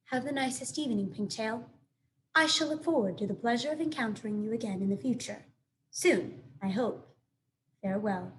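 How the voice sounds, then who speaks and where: A woman's voice: on the high side, animated, slight background noise, natural voice. A woman doing a stiff, formal robot. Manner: stiff and formal, slow and measured.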